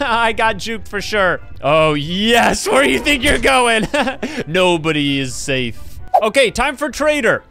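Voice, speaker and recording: A man narrates his gameplay in a high, bouncy voice that leaps up and down constantly. His tone is bright and sharp, and he laughs and teases other players as he goes. Faint game music plays behind him. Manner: excitable, laughs often, playful trash talk. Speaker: gaming channel host. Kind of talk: let's-play commentary.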